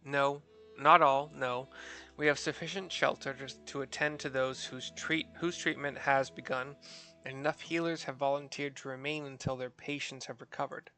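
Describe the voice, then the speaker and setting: A man voicing a composed woman leader, reading her formal lines in a measured way and correcting himself. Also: medium pitch, fairly even intonation, pushed and bright, soft background music. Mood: earnest.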